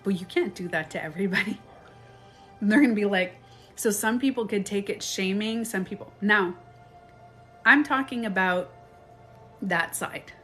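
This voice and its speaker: A woman gives casual advice on a live stream from home, talking into her phone in a mid-range voice. She is chatty and animated, acts out quoted phrases, and laughs often. Faint music plays in the background. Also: mid-range voice, a little slow, pauses often. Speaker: life and beauty coach.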